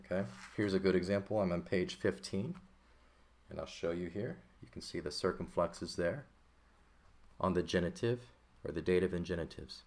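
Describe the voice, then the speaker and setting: A man with a very low, deep voice walks through a textbook lesson like a teacher. He explains each step patiently and keeps checking in with "okay" and "right". He is close to the mic. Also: moderate pace, a little mellow. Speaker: Greek teacher.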